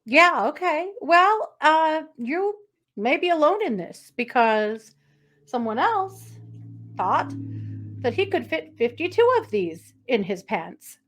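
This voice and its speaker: A woman's voice: high voice, big pitch swings, slow, fairly bright tone. A woman co-hosting a casual true crime podcast, telling odd news in a playful way with many small fillers and giggles. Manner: playful storyteller, lots of uh and mm-hmm, giggles through odd news. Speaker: podcast co-host.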